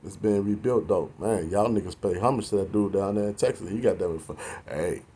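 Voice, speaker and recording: A man in his forties holds forth in a blunt street-talk rant, lecturing and cursing at his listeners. His voice sits low with a husky, rough edge. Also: fairly quick, warm tone. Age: 40s. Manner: preachy and confrontational, heavy slang and cursing.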